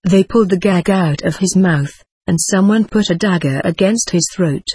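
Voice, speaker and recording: A woman reads a first-person story aloud in a steady, dramatic way. Her voice is husky and somewhat low, recorded close in a dry room with no echo. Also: normal speed. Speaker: audiobook reader.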